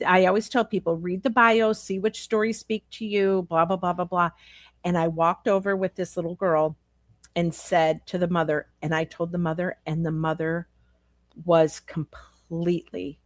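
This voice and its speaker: Convidada de podcast, mulher, narra de forma sincera e animada; som seco e próximo. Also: female voice, on the low side, steady tone, normal speed, no echo. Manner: earnest storyteller acting out quoted dialogue. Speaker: podcast guest. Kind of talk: live podcast Q&A, storytelling.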